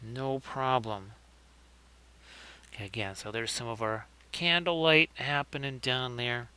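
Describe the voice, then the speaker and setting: A man's voice: medium pitch, lively intonation, moderate pace, sharp tone, clean tone. A man hosting a livestream, chatting casually and joking as he talks through painting his miniatures. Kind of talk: casual live commentary.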